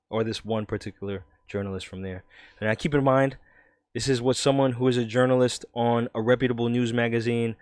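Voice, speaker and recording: A man with a New Jersey accent chats casually, dropping "man" and "all right" as he talks. His voice sits at an ordinary middle pitch. The recording is dry and close, with no room sound. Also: no room sound. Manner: laid-back, conversational, with "man" and "all right". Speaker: crypto channel host. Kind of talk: casual commentary vlog.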